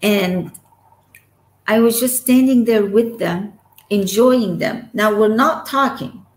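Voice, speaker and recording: Casting: woman guest, slow, heartfelt storytelling, roomy echo. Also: medium pitch. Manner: emotional, trails off and laughs between phrases. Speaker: interview guest. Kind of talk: personal storytelling.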